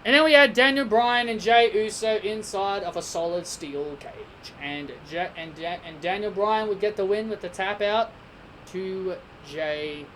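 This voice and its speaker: A woman talks through a wrestling episode in a loose, unscripted review, circling back on her words and giving her opinions freely. Her voice sits in an everyday middle pitch. A faint hiss runs underneath. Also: unhurried, a bit bright, low-quality recording. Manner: rambling and opinionated, with frequent restarts. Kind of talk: casual spoken review.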